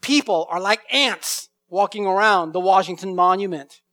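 A man with a high, light voice preaches an expository sermon, drawing out each scripture line slowly before explaining it. The sound is close and dry, with almost no room around it. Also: bright, forceful tone, no echo. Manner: expository preaching, slows down to read scripture with emphasis. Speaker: pastor.

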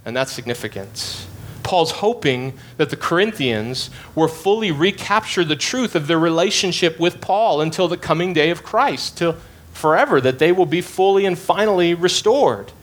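A man preaching an expository sermon, emphatic and repeating phrases to drive his points home. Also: high-pitched.

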